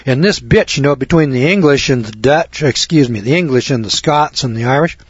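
A man's voice: mid-range voice, animated, brisk, breathy edge, dry recording. A middle-aged man hosting a radio talk show, lecturing in a blunt, rambling, preachy way. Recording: dull lo-fi radio recording.

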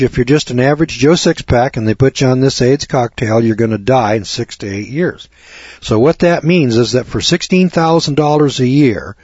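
A man preaching a sermon in an indignant, mocking way, repeating words and clearing his throat. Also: mid-range voice, darkish tone, no room sound, lo-fi sound. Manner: indignant, mocking, rises to exclamations.

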